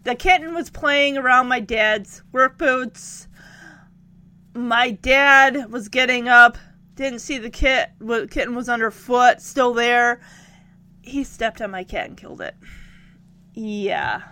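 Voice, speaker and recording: A woman telling stories casually to camera, animated and emotional, breaking into laughs and sighs. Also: a little high, slow pace. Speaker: vlogger.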